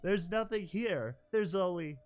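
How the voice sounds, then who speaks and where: A man's voice: on the high side, animated, moderate pace, soft background music, natural voice. A man voicing a young filly foal, childlike and pleading, with a voice that cracks, in a storybook reading. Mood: upset.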